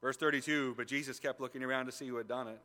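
Male pastor preaching a sermon: bright, forceful and conversational, with a long church reverb. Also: mid-range voice, very fast. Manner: animated and conversational, swinging between loud emphasis and quiet intensity. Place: church sanctuary.

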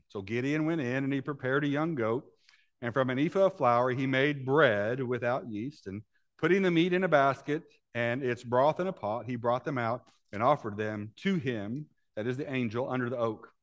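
A man delivering a sermon in a relaxed, conversational way. He keeps checking in with his listeners through short questions and slips into the voices of the characters in the story he is telling. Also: mid-range voice, moderate pace. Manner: conversational, asks the congregation questions; acts out the voices of Bible characters. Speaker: preacher.

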